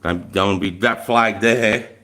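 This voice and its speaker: An Australian man chats on a casual live stream from a room at home where a fire is going, greeting viewers in a rambling, easygoing way. His lowish voice is bright and forceful, fairly even in intonation, and he takes it slowly, swearing freely and laughing often.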